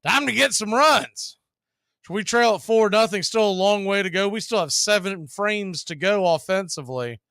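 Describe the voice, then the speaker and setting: A man calls a baseball game pitch by pitch, brisk and openly pulling for his team. His voice is smooth and resonant, a bit high for a man, and recorded dry and close with no room sound. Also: a bit bright, dry recording. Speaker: radio play-by-play announcer. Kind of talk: live baseball play-by-play.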